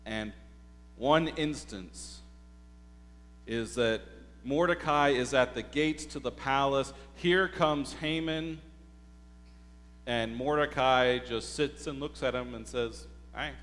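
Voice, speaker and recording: Slow-paced pastor in a reverberant church. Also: male voice, mid-range voice, a bit bright. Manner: slow, deliberate storytelling with rhetorical questions to the congregation. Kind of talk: sermon. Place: church sanctuary. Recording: hall reverb with faint mains hum.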